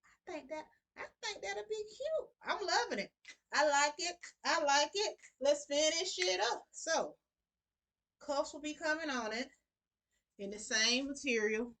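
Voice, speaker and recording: A woman's voice: sits high, a little slow, a bit bright. A middle-aged woman giving a casual sewing tutorial, chatty and talking to her viewers as y'all. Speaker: sewing vlogger.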